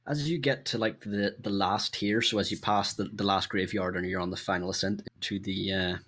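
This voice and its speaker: Low-voiced man running a tabletop game. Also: fairly even intonation, fairly bright tone. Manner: halting, searching for words while describing. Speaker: game master.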